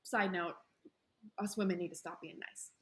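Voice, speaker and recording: A woman with a Southern American accent, animated and chatty as she tells a travel story on a podcast. She slips into the voices of the people she quotes and keeps the tale moving. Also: lowish voice, normal speed. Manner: animated, acts out quoted dialogue. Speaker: podcast co-host. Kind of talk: casual storytelling chat.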